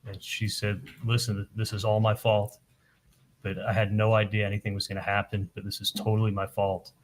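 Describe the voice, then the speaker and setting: A man on the witness stand tells his account in a halting way, stumbling over and repeating words as he retells past conversations. His voice sits low, and a faint hiss runs under the recording. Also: completely flat delivery. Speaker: trial witness testifying. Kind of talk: courtroom testimony.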